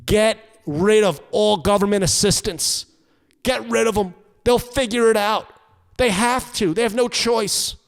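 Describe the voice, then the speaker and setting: A man with a New York accent who rants in fast, profane bursts as a comedy podcast co-host. His voice sits a bit high for a man, and a long reverb trails behind it. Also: gravelly. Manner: loud, fast-ranting, profane.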